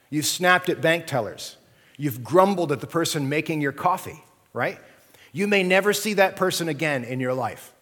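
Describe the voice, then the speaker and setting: A man's voice: a little high, fairly bright tone, big-room sound. A man preaching a sermon, talking conversationally and often checking in with "right?" and "okay?". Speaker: pastor.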